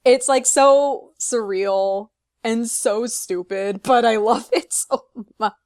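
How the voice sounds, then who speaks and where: A woman co-hosting a podcast in casual chat, playful and quick to laugh. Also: on the high side, darkish tone, dry recording, clean studio sound. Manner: laughs a lot, playful teasing. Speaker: podcast co-host.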